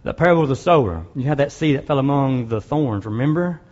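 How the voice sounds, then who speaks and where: A man's voice: mid-range voice, animated, fast, a little mellow, dull audio. A man preaching a sermon in a conversational way, asking his listeners direct questions and dropping in wry asides.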